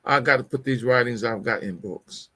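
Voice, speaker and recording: A man's voice: mid-range voice, normal speed, sharp tone. A middle-aged man hosting a motivational talk show, preachy and repetitive, calling his listeners y'all. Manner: preachy, repeats phrases, addresses audience as y'all. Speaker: show host.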